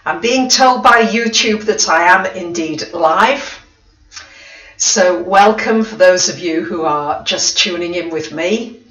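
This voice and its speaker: A woman chats casually on her livestream, slow-paced and easily excited as she greets her viewers. Her voice sounds far from the mic. It rings in a very echoey room. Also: lowish voice. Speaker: astrologer livestream host.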